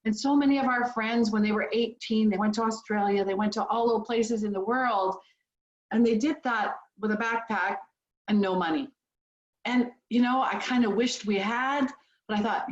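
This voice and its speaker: A woman in her sixties with a Canadian accent tells her story in an earnest, heartfelt way. Her voice sits a little high, and it comes through a dull video call line with a roomy echo. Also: moderate pace. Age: 60s. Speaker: guest speaker. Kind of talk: motivational talk on a video call.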